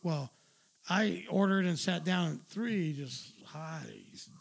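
A man with a high voice and a rough, gravelly edge tells a long story in loose, casual talk. He is middle-aged. He rambles, swears freely and laughs at his own anecdote. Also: lively intonation, slow pace. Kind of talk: casual chat, telling an anecdote.

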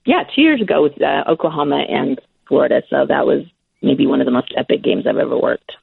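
A woman's voice: rumbling low, fairly quick, creaky, husky. A middle-aged woman, a sports broadcaster, telling stories with enthusiasm in a casual interview and laughing often. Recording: tinny phone-like line.

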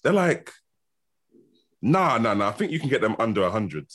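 Laid-back young man with a lively pitch. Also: normal speed. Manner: laid-back, slangy, agrees a lot. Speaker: podcast guest. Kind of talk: casual chat.

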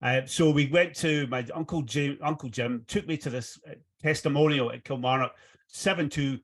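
Man telling a rambling story, husky. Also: fairly high pitch, normal speed. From Scotland. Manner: rambling anecdotal storyteller, laughs often. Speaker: guest golf journalist. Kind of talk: casual podcast chat.

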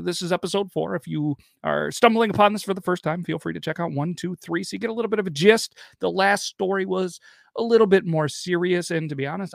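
A man's voice: high voice, creaky, no room sound, studio quality. A man in his thirties hosting a podcast, reading a listener's story aloud and rambling off into chatty asides. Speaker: podcast host.

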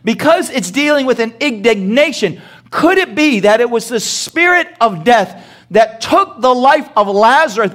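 With an extremely high, fairly bright voice, a male pastor preaches, questioning the congregation rhetorically and acting out brief dialogue scenes for laughs.

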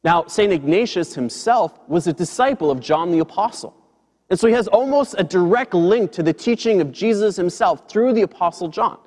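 High-voiced priest preaching in a hall. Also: male voice, animated, moderate pace, darkish tone. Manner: emphatic, conversational preaching with light laughs. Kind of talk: sermon.

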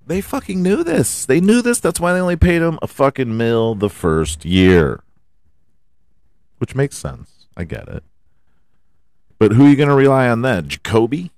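A man hosting a podcast rants about his football team, heated and profane, firing off rhetorical questions. His mid-range voice has a darkish, sing-song quality at normal speed on a dry recording.

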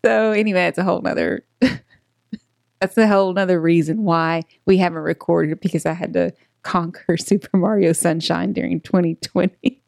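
A woman co-hosting a podcast, telling a story in a lively way with frequent laughter and acted-out quotes. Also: fairly low pitch, moderate pace, creaky, no echo, studio quality. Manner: animated, laughing, acts out quotes. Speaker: podcast co-host. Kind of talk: casual storytelling chat.

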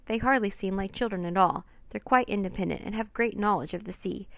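A woman's voice: medium pitch, brisk, creaky, a bit bright, no room sound. A woman voicing a polite, nervous young male scientist who pleads his case. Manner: polite, eager to please.

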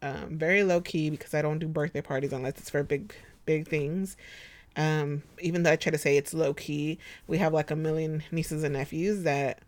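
A woman in her thirties hosting a podcast at home, chatty and expressive, laughing often. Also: low voice, moderate pace, no room sound. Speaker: podcast host. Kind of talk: casual chat.

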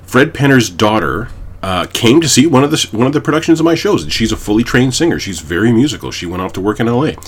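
Fast and very animated, a young man from Canada speaks at medium pitch with a breathy edge. He co-hosts a podcast, telling long stories in a loose, rambling, filler-heavy way during casual chat.

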